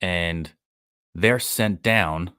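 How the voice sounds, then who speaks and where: A man's voice: sits low, extremely slow, bright, forceful tone, clean tone, no echo, studio quality. A man hosting a casual live-stream podcast, breaking down a show with sarcasm and acting out characters' lines in a raised voice. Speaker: podcast host.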